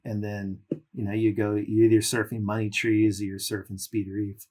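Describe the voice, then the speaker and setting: A man's voice: on the low side, moderate pace. A middle-aged man from California, a former pro surfer, casually telling long stories as a podcast guest with loose fillers. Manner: relaxed, rambling with fillers. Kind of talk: casual storytelling.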